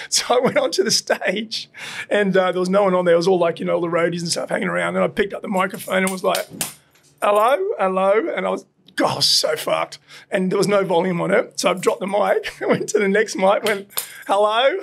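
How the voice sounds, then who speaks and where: An Australian burger restaurant owner, a guest on a podcast recorded at his restaurant, tells stories in a casual chat with a gravelly, high voice at a quick pace. He's animated, swears, laughs often and acts out voices in his anecdotes, with slight background noise.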